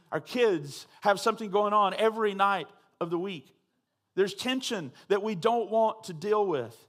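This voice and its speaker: A man's voice: high-pitched, fairly bright tone. A male pastor delivering a sermon in a conversational way, often checking in with the congregation and adding dry humorous asides. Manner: conversational, with frequent tag questions to the congregation.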